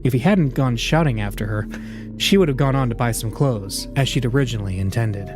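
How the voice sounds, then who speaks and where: A man's voice: mid-range voice, animated, a little fast, over music. A man hosting a let's play, reading a visual novel aloud with casual, jokey asides.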